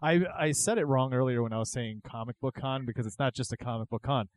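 A man's voice: medium pitch, quick pace, no echo. A man hosting a podcast, chatting loosely and joking while he steers the talk. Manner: joking and loose, runs the conversation. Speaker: podcast host. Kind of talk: casual chat. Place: convention hall booth.

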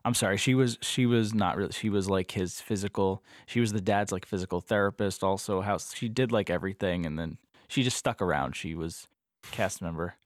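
A man co-hosting a podcast in casual chat, talking in halting bursts full of "like" and restarts. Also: sits low, no room sound, clean studio sound. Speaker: podcast co-host.

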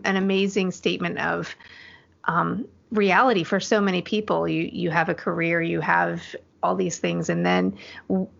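A woman's voice: fairly low pitch, gravelly, fairly bright tone, lo-fi sound. A woman hosting a podcast, chatting casually and reflecting thoughtfully. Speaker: podcast host. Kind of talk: casual chat.

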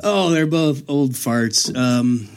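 A man's voice: mid-range voice, takes it slowly, clean tone. A young man in casual conversation, telling a story with lots of laughter and acted-out voices of other people. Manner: animated, laughing, acts out voices. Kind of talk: casual chat.

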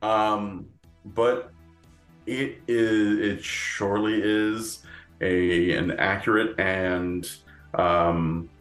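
Male podcast co-host: slow, low-ish voice, rambling casual talk in a roomy-sounding space. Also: fairly even intonation, a bit bright, soft background music. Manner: rambling, many fillers and restarts, laughs often. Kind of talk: casual chat.

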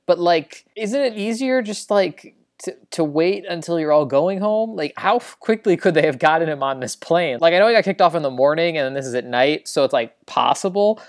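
A man's voice: a little high, lively intonation, brisk, no echo, studio quality. A man casually recapping a movie as a podcast co-host, rambling and acting out quoted lines.

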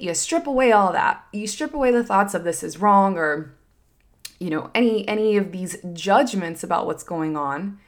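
A woman in her thirties talking candidly and earnestly about parenting, full of fillers and restarts. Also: lowish voice. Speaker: parenting vlogger. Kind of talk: candid heartfelt monologue.

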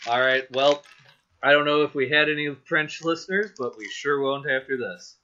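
A sardonic man with a bright, forceful voice and a slightly high pitch, trading casual banter on a podcast and reading passages aloud. The recording sounds dull and lo-fi. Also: normal speed, slight background noise. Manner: sardonic, mock-grumpy. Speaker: podcast co-host.

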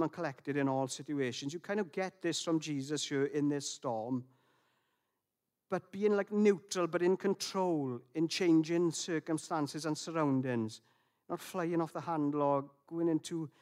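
A man preaching a sermon in a reflective, gentle way, with frequent restarts and fillers. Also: fairly high pitch.

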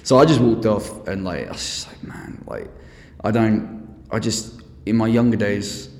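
Lower-voiced English man, echoey room. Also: moderate pace. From England. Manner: animated storyteller, swears freely, acts out quotes. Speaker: podcast guest. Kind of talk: casual chat. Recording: echoey room with long reverb.

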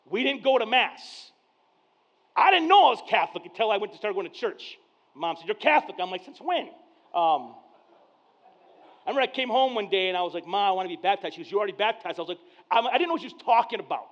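A man with a rather high voice preaching from the pulpit in a chatty, storytelling way. He acts out the conversations, goes quiet and then suddenly loud. The sound is muffled and lo-fi. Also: lively intonation, brisk. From Mexican heritage. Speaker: pastor. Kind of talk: sermon with personal stories. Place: church service. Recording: dull lo-fi sound.

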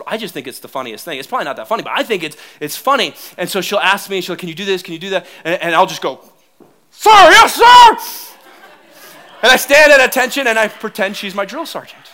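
A middle-aged man preaching a sermon to his church, telling funny stories about his marriage in an animated, self-mocking way and laughing often. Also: sits high, fast talker. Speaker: pastor. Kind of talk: sermon with humorous personal stories.

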